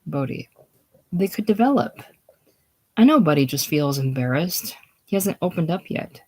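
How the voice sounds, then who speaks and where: A woman's voice: low-pitched, animated, normal speed, darkish tone, slightly rough, exaggerated voice. A woman reading the part of a bossy, fussing older woman in a casual play reading.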